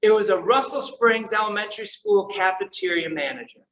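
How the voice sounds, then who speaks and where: A man with a high, bright voice delivers a storytelling conference speech. His tone is earnest and shifts between soft, quiet passages and emphatic ones. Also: a little fast, gravelly, poor audio. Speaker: keynote speaker.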